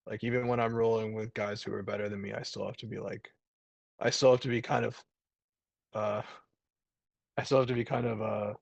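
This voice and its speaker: Gravelly, husky man rambling on a call. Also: fairly low pitch, flat delivery, brisk, pauses often, dry recording, dull audio. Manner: rambling, many fillers and restarts. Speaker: guest, jiu-jitsu brown belt. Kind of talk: casual chat over video call. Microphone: video call.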